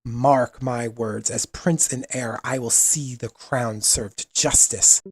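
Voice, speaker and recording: A man's voice: medium pitch, fairly even intonation, takes it slowly, breathy edge, no echo. A man playing a defiant young prince. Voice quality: ringing, youthful, steely. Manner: formal, commanding speech. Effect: amplified over a loudspeaker.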